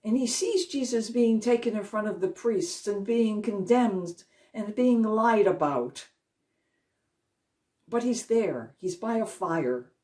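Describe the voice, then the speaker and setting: A woman's voice: medium pitch, animated, mellow. Earnest woman retelling scripture, slightly distant. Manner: earnest retelling, slows for emphasis. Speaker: Christian speaker. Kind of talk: storytelling devotional talk. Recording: voice a little distant from the mic.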